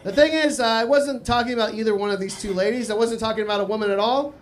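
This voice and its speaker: A man from Texas works a small cafe stage, his voice sitting fairly high for a man. He talks in a dry, offhand way and drops crude asides casually. A faint hum of room noise sits behind him. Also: fast talker. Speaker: stand-up comedian. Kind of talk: live stand-up set.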